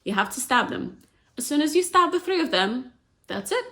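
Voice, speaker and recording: A woman's voice: sits high, very animated, moderate pace, gravelly, a bit bright, voice pushed up, exaggerated voice. A woman voicing a cruel, scheming faerie queen who taunts casually in her own everyday voice. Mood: taunting.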